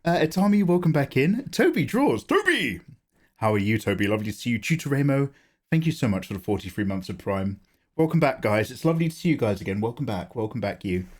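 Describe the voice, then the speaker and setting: A man's voice: fairly low pitch, lively intonation, fast talker, darkish tone. Chatty man greeting his stream. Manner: chatty, joking, greets chat by name. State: slightly hoarse from a cough. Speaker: art streamer. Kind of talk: casual live-stream chat.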